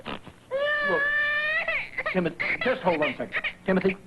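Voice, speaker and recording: A woman's voice: fairly high pitch, huge pitch swings, moderate pace. An actress in a 1980s TV soap opera, pleading and cooing at a baby while she tries to phone. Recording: old TV broadcast, muffled with hiss.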